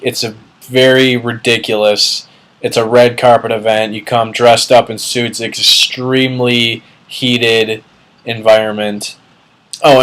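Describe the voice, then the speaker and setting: A young man ranting casually and bluntly, swearing and cutting words off mid-sentence. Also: mid-range voice. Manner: blunt, profane, mocking, trailing off mid-word. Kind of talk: casual vlog rant.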